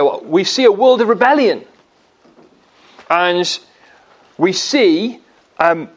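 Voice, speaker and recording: A man preaching a sermon. He teaches from scripture and asks the congregation questions as he goes. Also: high voice.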